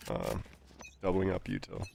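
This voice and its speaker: Low, gravelly man with a stuffy nose. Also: a little slow, a little hiss or hum. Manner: calm, instructive, with many fillers. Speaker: game coach. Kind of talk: coaching review commentary.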